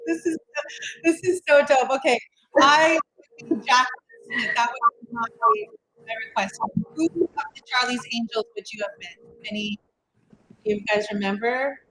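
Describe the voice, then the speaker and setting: A woman's voice: fairly high pitch, a little slow, pauses often, a bit bright, rough recording. Upbeat chatty woman hosting a call. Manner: upbeat, chatty, repeats herself while planning aloud. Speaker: host. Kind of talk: casual video-call interview.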